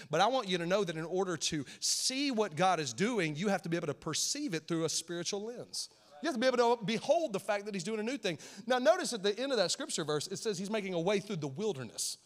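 Guy pastor preaching, high voice, big church reverb, lots of call and response. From United States. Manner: energetic, call-and-response with congregation. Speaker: guest pastor. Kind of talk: sermon. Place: church sanctuary. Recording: long church hall reverb.

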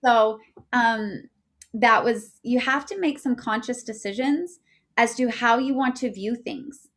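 A woman in her thirties, a podcast guest telling a personal story in a chatty way, full of fillers and getting loud when excited. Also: fairly high pitch, a little slow.

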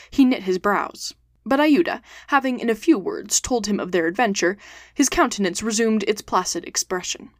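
Hosting a storytelling show, a woman reads a classic adventure novel aloud in a steady, mid-pitched voice. Her narration is clear and expressive, and the recording is dry and close with no room sound.

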